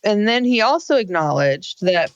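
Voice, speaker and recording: Woman podcast co-host, lively pitch, wry and skeptical, dry close mic. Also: moderate pace, no echo, lo-fi sound. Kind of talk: casual chat recapping a reality show.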